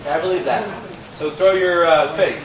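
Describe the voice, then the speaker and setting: A man teaching a martial arts move in a lively, demonstrative way, with sound effects, recorded from a distant camera. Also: fairly high pitch, normal speed. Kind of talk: casual instructional demonstration. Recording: echoey gym from far off with crowd.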